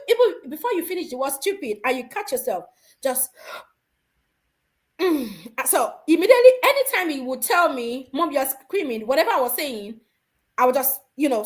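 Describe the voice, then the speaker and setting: A woman from Africa telling personal parenting stories, animated and laughing often. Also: sits high, normal speed. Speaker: guest mother. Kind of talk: casual storytelling.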